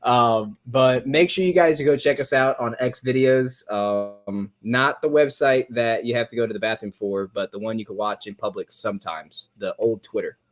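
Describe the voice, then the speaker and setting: Young man co-hosting a casual podcast, mid-pitched and laid-back, chatting along and breaking into laughter as he retells funny clips to his co-host. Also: moderate pace, hardly any pauses. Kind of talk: casual chat.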